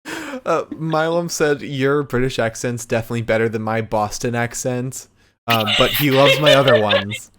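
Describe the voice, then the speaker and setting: A man's voice: mid-range voice, lively intonation, normal speed, a bit bright, a little hiss or hum. A young man hosting a live podcast, joking loosely, laughing easily and talking to his chat. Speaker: podcast host. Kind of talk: casual livestream podcast hosting.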